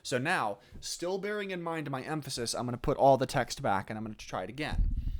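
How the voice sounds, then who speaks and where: A man's voice: medium pitch, a little fast. A man teaching an acting class in a recorded lesson, explaining patiently step by step over a screen recording. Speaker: theatre teacher.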